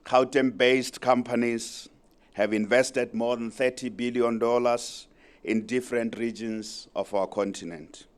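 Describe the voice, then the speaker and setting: A middle-aged South African man giving a formal public speech as a provincial premier, measured and emphatic, repeating his key points. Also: mid-range voice, steady tone.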